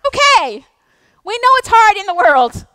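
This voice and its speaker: A middle-aged woman pastor delivers a sermon with intense, animated energy. Her voice sits high, and she drops into playful, self-mocking asides. The sound is dry and close, with little room around it. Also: unhurried, dry recording. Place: church sanctuary.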